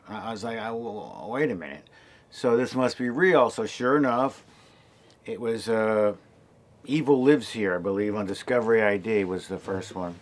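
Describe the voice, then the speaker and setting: An older man in his sixties recounts his own path in a relaxed, conversational way. His voice sits a little low. He rambles, restarts sentences and fills pauses with ums and you-knows. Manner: rambling, many fillers and restarts. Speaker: actor and creator telling his story. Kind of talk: casual personal storytelling.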